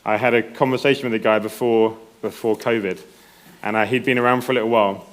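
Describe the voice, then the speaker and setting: A man's voice: on the low side, steady tone, fast. Conversational male preacher. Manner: conversational, checks in with "right?". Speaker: pastor. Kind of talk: sermon.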